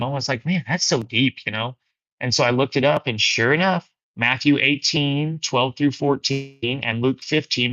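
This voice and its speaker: A man's voice: medium pitch, pushed and bright, no room sound, muffled recording. A man hosting a faith fellowship livestream. He talks about God in a casual, earnest way, calls listeners "man" and "dude", and answers viewer comments. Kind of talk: casual spiritual talk, reading viewer comments.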